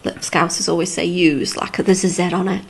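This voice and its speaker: A woman's voice: lowish voice, level tone, brisk, gravelly, husky. A woman in her forties from Lancashire, with a Lancashire accent touched by Liverpool, speaking frankly in a casual interview and laughing easily. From Lancashire, England. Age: 40s. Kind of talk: casual chat.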